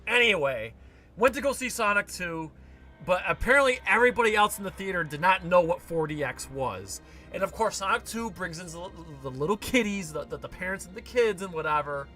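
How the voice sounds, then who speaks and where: A man in casual chat, telling excitable, rambling stories. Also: high voice.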